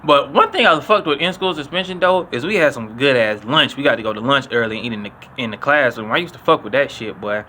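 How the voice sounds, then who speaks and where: Young guy vlogging school stories, bright voice, cussing a lot, faint hiss behind. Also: fast talker, hardly any pauses. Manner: animated, acts out quotes with higher voice; profane, repetitive slang. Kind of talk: casual storytelling.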